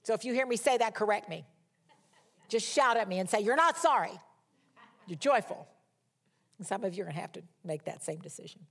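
A woman's voice: mid-range voice, lively intonation, fast, creaky. A woman giving a conversational sermon as a Bible teacher, emphatic and repeating key words for stress.

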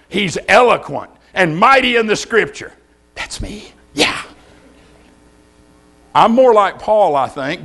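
Male preacher, middle-aged, folksy storyteller, slightly high voice. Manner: folksy, joking, animated storytelling with big pitch swings. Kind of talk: folksy humorous sermon.

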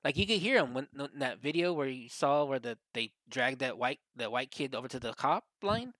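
A man, co-hosting a casual podcast chat, rambling and profane, getting animated when he quotes others. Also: medium pitch, moderate pace, dry recording. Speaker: podcast co-host.

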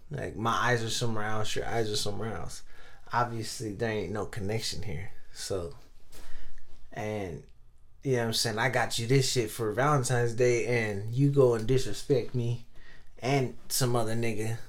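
A man's voice: fairly low pitch, normal speed. A young man casually telling a personal story, rambling with heavy slang, profanity and many fillers.

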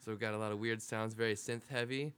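A man chatting as a guest musician, relaxed and soft-spoken. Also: on the low side, fast talker, clean tone. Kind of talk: casual interview chat.

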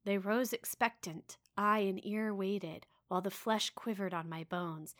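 A woman's voice: mid-range voice, steady tone, a little slow, few pauses. A woman reading a novel passage aloud with dramatic expression, a podcast co-host who also chats casually. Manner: dramatic reader, voices quoted cries and drops to hushed asides.

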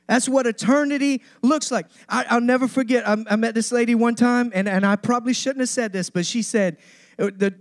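A pastor with a high, bright voice delivers a sermon to his congregation, driving his lines home through repetition and mounting emphasis. The recording is close and dry, with no room sound or echo.

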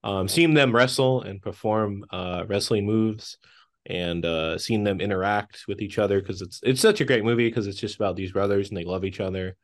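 Rambling young man, low voice. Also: normal speed. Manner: rambling, laughs often, many fillers. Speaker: podcast co-host. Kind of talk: casual chat.

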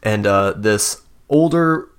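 A man's voice: on the low side, lively intonation, slow, smooth. A man narrating as game master, hesitant with many fillers, voicing side characters as he describes the scene.

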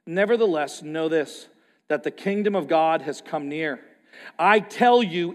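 A pastor delivers a sermon in a high, light male voice. He preaches with passion, dropping low and quiet, then rising loud. His voice rings with the long reverb of a big hall. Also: moderate pace.

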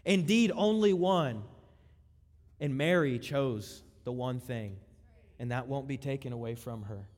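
A man voicing a gentle, patient male teacher speaking softly to consoling a worried friend. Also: mid-range voice, measured pace, close to an everyday voice. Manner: soft, gentle. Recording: long hall reverb.

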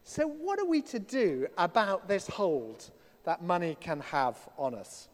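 Male preacher, chatty and wry, lively delivery, big church echo. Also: high-pitched, a little slow. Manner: conversational, self-deprecating asides. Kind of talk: sermon. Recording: long reverb of a church hall.

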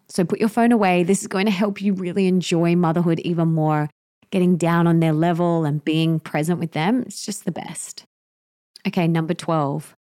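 A woman's voice: on the low side, mellow, dry recording, studio quality. A young woman hosting a solo podcast, giving parenting tips in an earnest, emphatic way that repeats key points. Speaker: podcast host.

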